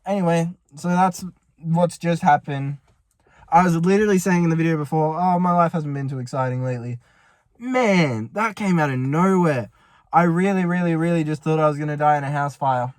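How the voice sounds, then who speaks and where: This is casual vlog storytelling: a young man, filming himself in a parked car, rambles in a panic and curses often. His voice sits a little high, his pace is normal, and the sound is dry.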